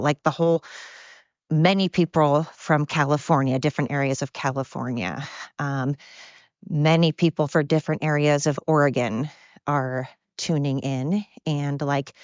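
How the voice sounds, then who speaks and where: Female podcast host, low voice, tired and out of breath, blunt rambling solo chat, dry lo-fi outdoor recording. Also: no echo. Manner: chatty, blunt, self-deprecating, drifts off topic. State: exhausted and winded. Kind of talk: rambling casual monologue.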